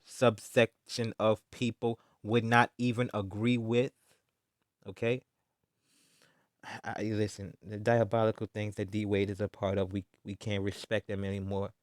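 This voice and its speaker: In a dry, clean studio recording, a low-voiced sports commentator vlogger goes on a heated, casual rant. He is mocking and insistent, emphatic and repetitive, slinging slang and jabs and adding "man" to his sentences.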